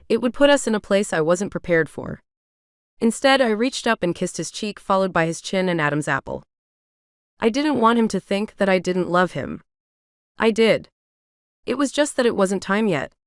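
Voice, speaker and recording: A woman's voice: mid-range voice, smooth, dry recording, clean studio sound. A woman narrating a first-person romance audiobook in a wry, conversational way.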